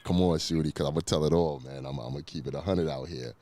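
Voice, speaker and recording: Very deep-voiced relaxed male host. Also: fast, a little hiss or hum. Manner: relaxed, slangy, hypes up his guest. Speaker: interview host. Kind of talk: casual interview.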